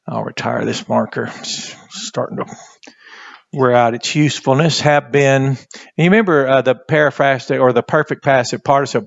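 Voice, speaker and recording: A man teaching a Bible language class, speaking haltingly and repeating words as he writes on a board. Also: mid-range voice, gravelly, no room sound, highs cut off. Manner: slow, halting, repeats words while writing. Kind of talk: classroom lesson at a whiteboard.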